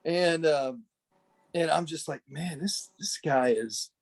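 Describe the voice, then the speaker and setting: His slightly high voice has vocal fry, and he takes it slowly. A former pro wrestler guesting on a podcast via video call camera, he reminisces casually in memory of someone, a talkative storyteller who rambles, restarts, and leans on "you know."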